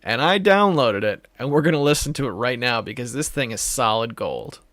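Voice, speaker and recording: A man co-hosting a podcast, telling a story in a halting, casual way. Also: medium pitch, lively intonation, a bit bright, no room sound, studio quality. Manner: halting, full of restarts. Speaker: podcast co-host. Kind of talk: casual chat.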